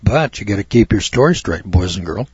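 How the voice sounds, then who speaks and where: A man's voice: fairly low pitch, lively intonation, a little fast, a little mellow, slightly rough, dry recording, highs cut off. A man telling a folksy anecdote to an audience in a conversational way, repeating phrases for emphasis. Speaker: storyteller addressing an audience.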